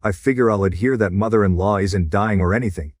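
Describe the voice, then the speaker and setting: Low-voiced man reading a story. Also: fast, dry recording, clean studio sound. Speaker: narrator. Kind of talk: scripted narration of a reddit story.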